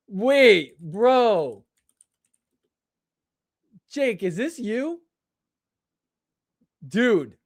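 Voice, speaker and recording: A young man hosting a casual live stream, reacting to clips with excitement and frequent laughter. His voice sits a little high, and the sound is dry and close, with no room around it. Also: extremely slow, long pauses, no echo. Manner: excitable, joking, laughs often. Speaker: livestream show host.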